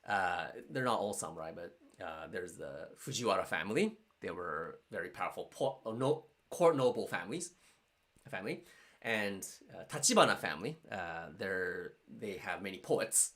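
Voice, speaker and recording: A man's voice: low-pitched, expressive, a bit bright. A man from Japan, hosting a casual live-stream course and answering questions while often stopping to search for words. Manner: halting, searching for words, frequent restarts. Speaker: online course host.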